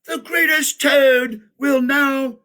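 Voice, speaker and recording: A man voicing a strange, grand announcer from a storybook dream, shouting slowly and theatrically. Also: very high-pitched, steady tone, voice pushed up, exaggerated voice. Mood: grandiose. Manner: slow, shouted showman announcing.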